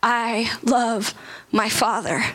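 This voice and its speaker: A woman preaches with passion in a slow, steady, fairly bright and slightly high voice, captured in low quality. After reading scripture aloud, she drops into casual, slangy speech, and at times cries out when she quotes prayer.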